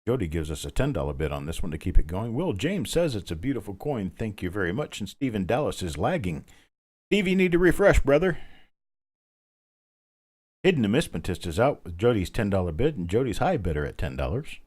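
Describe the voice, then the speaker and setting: A man's voice: deep voice, very animated, fast talker, hardly any pauses, darkish tone, slightly rough. A man hosting a live online coin auction, chatting casually, calling out bids and greeting bidders by name. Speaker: auction host.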